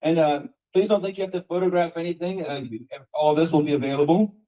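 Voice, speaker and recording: American man giving a relaxed lecture. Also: a little high, fast talker, low-quality recording. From United States. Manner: conversational teaching, rhetorical questions, frequent "okay" and "right". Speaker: guest lecturer. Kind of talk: university lecture. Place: lecture room.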